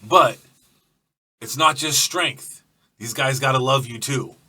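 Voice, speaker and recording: A man voicing a gruff male biker gang boss who swears bluntly and talks streetwise. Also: medium pitch, slow, bright, forceful tone, distant mic, full character voice. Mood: firm.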